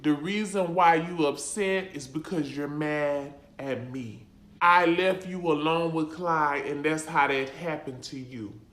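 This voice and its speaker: A woman putting on a slow, hushed spiritual counselor. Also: low-pitched, pitched below the performer's own voice. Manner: slow, hushed, dropping into whispers. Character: calm, soothing older woman counselor. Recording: echoey room.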